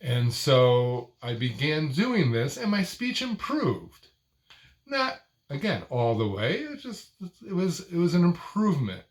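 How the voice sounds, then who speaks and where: An older man teaching speech technique, talking in short, deliberate phrases with a stressed word near the end of each one. His delivery is expressive and almost sing-song. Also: on the high side. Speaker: speaking coach. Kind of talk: instructional talk to camera.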